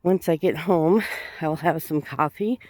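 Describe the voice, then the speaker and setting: A woman's voice: sits low, a little slow, dry recording. A woman vlogging while walking outdoors, out of breath and with a cold, chatting in a rambling, easygoing way. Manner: chatty, rambling, laughs softly. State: has a cold. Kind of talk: casual vlog chat while walking. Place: outdoors on a sidewalk.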